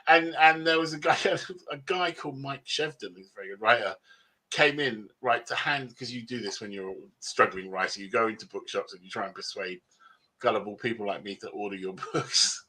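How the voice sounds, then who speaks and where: Bright, husky man, self-mocking. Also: mid-range voice, fairly even intonation, a little fast. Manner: rambling, self-mocking, laughs often. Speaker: author guest. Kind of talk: convention panel interview. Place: convention panel room.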